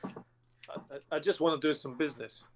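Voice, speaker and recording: A man's voice: on the high side, a little fast, dull audio, slight background noise, lightly acted. A man voicing a stubborn, blustering businessman who keeps repeating himself, in a tabletop game. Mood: insistent.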